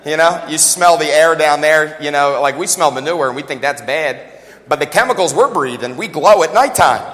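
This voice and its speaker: Fast-talking pastor in a reverberant hall. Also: male voice, fairly high pitch, fairly bright tone. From United States. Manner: fast-talking, joking, conversational preaching. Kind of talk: sermon.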